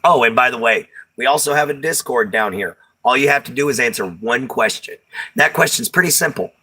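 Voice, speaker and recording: His mid-range voice is bright, forceful, and slightly rough, with lively intonation and a brisk pace. This Texan-accented livestream host casually chats through viewer comments, laughing often and using Southern slang.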